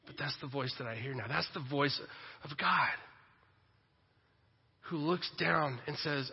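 A middle-aged man preaching a sermon in a church, swinging between loud emphatic lines and soft tender ones. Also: on the high side, unhurried, gravelly, long pauses, slightly rough. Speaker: pastor. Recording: echoey hall, dull lo-fi audio.

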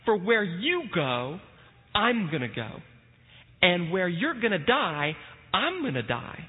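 Man playing a young widow, steadfast, slow, earnest, tinny sound, long hall echo. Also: sits high, very animated, full character voice. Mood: resolute.

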